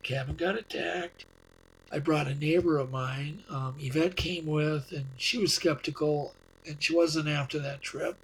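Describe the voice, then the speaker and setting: A man's voice: a little high, fairly even intonation, a little slow, poor audio. A man, a guest on a podcast, telling a long story in a casual, rambling way, often restarting and repeating words.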